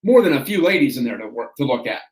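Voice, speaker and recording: A man hosting a stream, reading an autobiography aloud in a steady storytelling way. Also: mid-range voice, quick pace. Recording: roomy echo.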